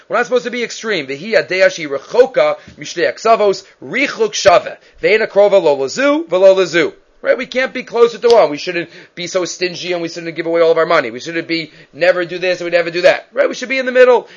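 A man giving a Torah class, telling a story and acting out the quoted people with lively restarts. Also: sits high. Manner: animated, acts out quotes, restarts often. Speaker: Torah teacher. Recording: dull lo-fi recording.

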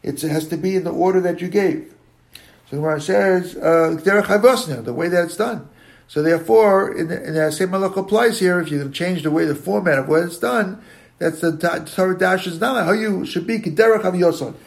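Man, Talmud teacher, gravelly, halting delivery, slowly sounds out words. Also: high voice. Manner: slowly sounds out words to show their pronunciation; halting, circling back to rephrase. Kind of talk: daily Talmud class.

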